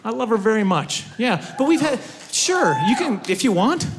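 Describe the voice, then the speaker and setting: A male stand-up comic in his forties talks with a high, lively voice that bounces around a lot. He makes fun of himself and chats with the crowd, with a steady hiss under the stage recording. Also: moderate pace. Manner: animated, self-mocking, talks to the audience. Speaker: stand-up comedian. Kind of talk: stand-up comedy. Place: theater stage before a live audience.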